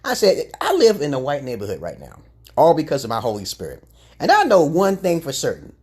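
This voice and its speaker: Husky profane man ranting loud then low. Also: huge pitch swings, brisk. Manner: profane, confrontational, swinging between loud outbursts and low mutters. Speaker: livestream host. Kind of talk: ranting livestream monologue.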